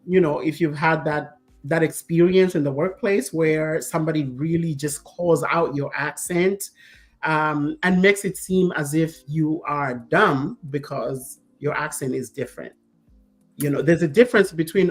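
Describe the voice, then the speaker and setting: Animated woman co-hosting a talk show. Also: low voice, a little slow, faint music behind. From Zambia. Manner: animated storyteller, acts out quoted voices, laughs often. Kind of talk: casual chat.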